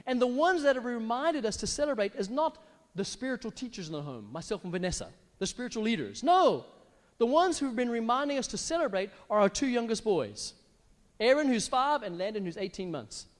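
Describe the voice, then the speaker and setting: A middle-aged man preaching a sermon as pastor, animated and breaking into big exaggerated laughs. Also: very high-pitched, brisk. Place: church hall. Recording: long church hall reverb.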